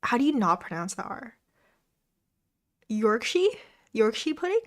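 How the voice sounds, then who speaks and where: A woman's voice: on the high side, sing-song, measured pace. A young woman hosting a live study stream, chatting casually with viewers, reading their comments aloud and laughing often. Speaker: livestream host. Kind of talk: casual chat with a live audience. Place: home desk during a study stream.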